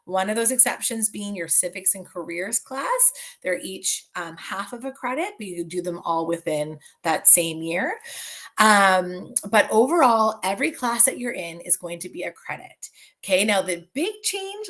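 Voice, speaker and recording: A Canadian woman leads a virtual information session over a video call. She speaks in a friendly, chatty way, full of fillers and restarts, at a middle pitch. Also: fairly bright tone. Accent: Canadian English. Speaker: school board student success facilitator.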